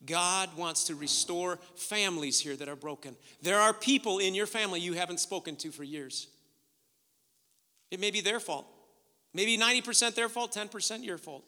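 High, bright-voiced male preacher in a reverberant hall. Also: expressive, normal speed. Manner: swings from loud urgent preaching to hushed near-whispers. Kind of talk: sermon.

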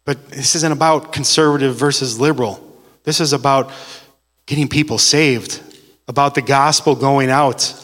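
A man preaching a sermon with earnest, repetitive phrasing, slowing down to stress key words. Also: on the high side, fairly bright tone. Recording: long hall reverb.

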